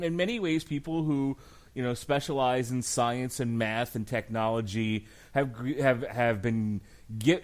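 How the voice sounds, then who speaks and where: Forties guy podcast host, fired up and laughing, making his case. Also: a little high. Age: 40s. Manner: emphatic, animated, laughs often. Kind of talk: mock-trial film debate podcast.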